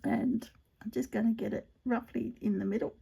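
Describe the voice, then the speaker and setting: A woman demonstrating card-making in a casual tutorial, chatting to herself as she works and often dropping into soft half-whispered asides. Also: fairly high pitch, fairly even intonation, moderate pace, creaky, husky. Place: indoors at a craft table.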